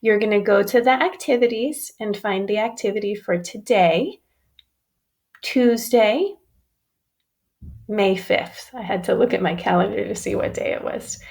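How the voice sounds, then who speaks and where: A woman teacher giving a phonics lesson to young children, sounding out each vowel slowly and clearly and speaking to them as friends. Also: mid-range voice, a little mellow.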